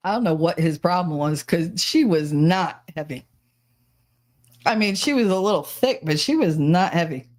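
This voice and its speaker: A middle-aged woman with a somewhat low voice trades stories in easy podcast chat. She is blunt and salty, swearing casually as she talks. She tells her stories with plenty of animation. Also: normal speed. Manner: blunt and profane, animated storytelling. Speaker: podcast co-host.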